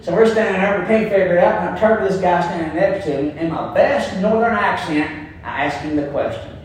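Recorded from a distance in an echoey room, a pastor with a Kentucky twang preaches a sermon in a high-pitched voice at a brisk pace. Folksy and emphatic, he tells stories to drive his points home.

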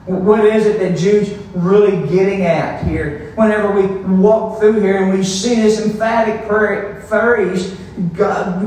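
A man preaching a sermon, teaching a Bible passage slowly and deliberately in a church hall, heard from a distance. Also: high voice, darkish tone, slight background noise. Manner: teaching verse by verse, slow and deliberate. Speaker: pastor. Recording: very echoey room, voice from far off.

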